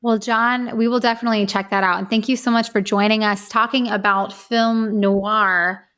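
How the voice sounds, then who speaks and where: A woman co-hosting a movie podcast in casual chat, reading the show's plugs briskly. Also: mid-range voice, fairly even intonation, a bit bright, clean tone. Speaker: podcast co-host. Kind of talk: casual chat and show outro.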